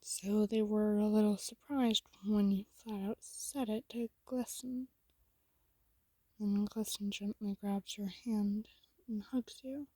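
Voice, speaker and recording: Whispered role-play narrator, woman, soft and intimate, dark and mellow tone, dry sound. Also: medium pitch, fairly even intonation, slow pace, no room sound. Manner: soft and intimate, second-person storytelling.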